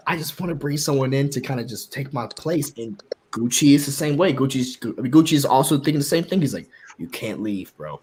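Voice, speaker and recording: Male podcast host, mid pitch, animated storyteller who swears freely, faint noise behind. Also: a little fast. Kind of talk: casual chat.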